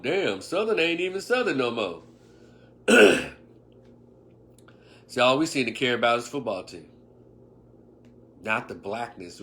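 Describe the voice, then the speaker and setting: A man in his fifties gives his opinions on a casual livestream, with a bright, forceful voice. He talks emphatically and preachily, and he often drops into sarcastic, muttered asides. A faint hiss sits under the voice. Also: fairly low pitch. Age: 50s. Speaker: online commentator.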